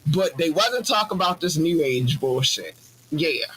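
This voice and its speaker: A man hosting a podcast, talking in a casual comedic monologue with animated, profane, jokey ranting. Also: measured pace, a little hiss or hum, rough recording. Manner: animated, profane, jokey ranting with sudden high-pitched outbursts. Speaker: podcast host.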